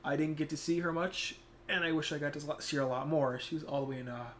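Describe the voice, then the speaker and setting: A young man streaming, talking casually and reflectively, turning soft-spoken when emotional. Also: a little high, fairly even intonation, fast, slight background noise. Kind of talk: casual chat.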